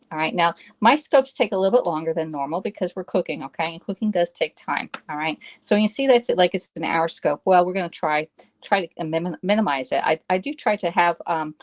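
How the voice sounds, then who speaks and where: Lady in her 50s doing a cooking livestream from her kitchen on her phone, kinda low voice, says okay? all the time. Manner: chatty, greets viewers by name, keeps checking in with "okay?". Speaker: live-stream host demonstrating recipes. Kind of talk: casual live-stream cooking demo. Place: home kitchen. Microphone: phone camera on a stand.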